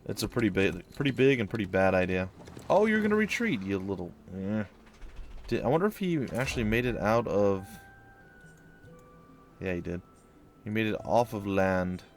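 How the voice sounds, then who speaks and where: A man's voice: fairly low pitch, sing-song, moderate pace, long pauses, soft background music. A young man giving casual, wry commentary over a strategy game as he plays. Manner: wry, sarcastic, puts on silly voices for enemies. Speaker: let's play host.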